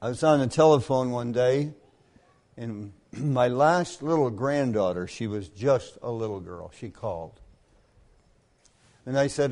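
Older guy preaching at camp meeting, slow folksy stories, clears his throat a lot. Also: a little high, animated, a little mellow.

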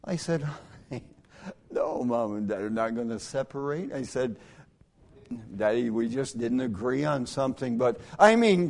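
A middle-aged male preacher delivering a sermon through folksy personal stories, swinging from hushed asides to loud, emphatic lines. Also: medium pitch, expressive, moderate pace.

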